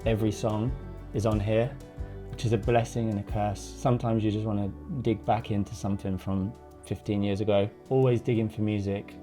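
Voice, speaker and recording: A man casually narrating a day-in-the-life vlog in a relaxed, chatty way, often saying "like". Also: on the low side, fairly quick, faint music behind. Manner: laid-back, chatty, says "like" often. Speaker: designer vlogging his day. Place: around his home city, home, café and office.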